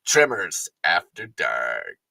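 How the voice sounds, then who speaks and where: A man's voice: huge pitch swings, extremely slow, vocal fry, pushed and bright, no room sound. A man hosting a casual livestream, rambling and joking with his viewers. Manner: rambling, jokey, swings into high squeals. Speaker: podcast host.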